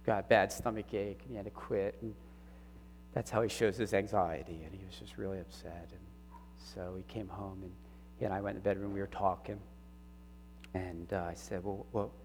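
Low-voiced man preaching in a hall. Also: level tone, a little mellow. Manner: earnest, halting, emotional. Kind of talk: personal sermon testimony. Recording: reverberant hall with faint hum.

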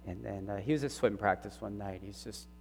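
A middle-aged man with a lowish voice shares his testimony from the pulpit, earnest and halting as emotion catches him. His words ring out into a large, reverberant room. A faint electrical hum sits under the recording. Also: creaky. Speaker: preacher. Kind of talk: personal sermon testimony.

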